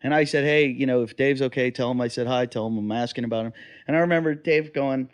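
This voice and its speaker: A man's voice: mid-range voice, quick pace, clean tone. A man who does stand-up, telling a club story in a casual podcast chat, acting out the quotes. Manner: lively anecdote telling, acts out quotes. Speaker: podcast host, stand-up comedian.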